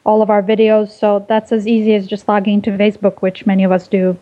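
A woman from Russia, a guest explaining her organization's work in a measured way, heard over a phone line. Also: mid-range voice, monotone. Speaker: guest, nonprofit co-founder. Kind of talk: casual interview over phone.

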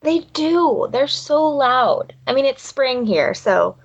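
A woman's voice: sits high, animated, slow pace, breathy edge, dull audio. A woman chatting on an online call from a spot near a street, apologetic about the noise. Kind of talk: casual pre-show banter. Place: outdoors near a street in spring. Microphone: online video call.

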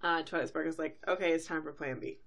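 A woman hosts a podcast and recaps a cartoon episode in casual, rambling talk. Her voice sits a little low, and she sprinkles in fillers and quick character quotes. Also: steady tone, crowd noise. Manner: chatty, full of fillers, briefly acts out characters. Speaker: podcast host.

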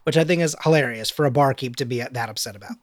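A man casually recapping a film scene, playfully reading out the dialogue in quick voices. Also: medium pitch, dry recording, studio quality.

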